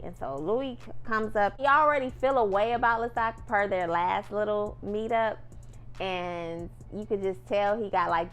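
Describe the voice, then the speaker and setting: A woman's voice: on the low side, creaky. A woman chatting through a TV episode recap in a sassy, playful way, often calling the viewer "girl". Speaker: TV recap vlogger.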